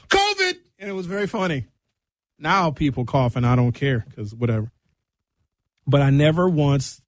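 A young male comedian telling a stand-up story with lots of animation, acting out the voices of the people in it. His voice is a little husky and sits fairly high for a man. The sound is dry and close, with almost no room echo. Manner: animated, acts out quotes, shifts pitch for punchlines.

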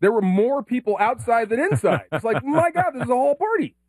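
A man co-hosting a sports radio show, telling stories in an excitable, animated way. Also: extremely high pitch, a little fast, no room sound. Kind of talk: casual sports talk.

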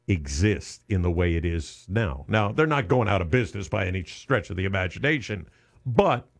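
A man hosting a charity radiothon on the radio, talking earnestly and often restarting with repeated words. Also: on the low side. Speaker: radio host.

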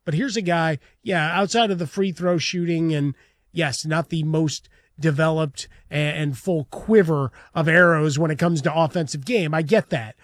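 A man's voice: on the high side, normal speed, dry recording. A man co-hosting a sports radio show in a studio, making wry, dry quips.

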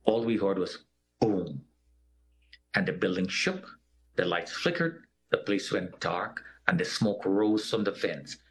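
A man's voice: low-pitched, unhurried. A man telling a personal story in an interview, acting out the voices of the people in it. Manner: vivid storyteller who acts out the quoted voices of others.

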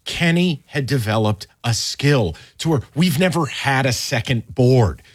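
A man's voice: mid-range voice, animated, a little slow, no echo, studio quality. A man hosting a radio talk show, telling stories in a casual, conversational way.

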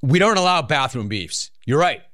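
A man hosting a call-in radio show, bantering and teasing callers in a joking, animated way. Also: mid-range voice, moderate pace. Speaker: sports radio host.

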